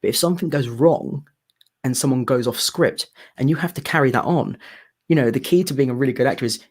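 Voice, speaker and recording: A man's voice: mid-range voice, brisk, slightly rough. A man in his thirties with a British accent, hosting a casual theatre chat and often repeating words as he gets to his point. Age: 30s. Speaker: host of a theatre live chat.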